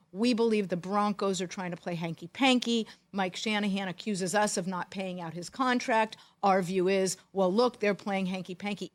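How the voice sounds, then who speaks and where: Wry, animated woman telling a story. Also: mid-range voice. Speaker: podcast co-host, former football executive. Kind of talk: storytelling in casual chat.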